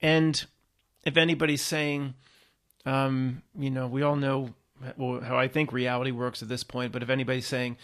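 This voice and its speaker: Gravelly man musing aloud to viewers. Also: fairly even intonation, moderate pace. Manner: rambling, restarts often, swings from low mutters to loud emphatic bursts. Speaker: YouTube channel host. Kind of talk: casual monologue to viewers.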